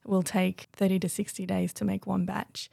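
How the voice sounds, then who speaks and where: A young adult woman, a guest on a podcast, explaining things in a measured, informative way. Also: mid-range voice, level tone, gravelly, warm tone, no room sound, clean studio sound. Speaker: brand distributor guest.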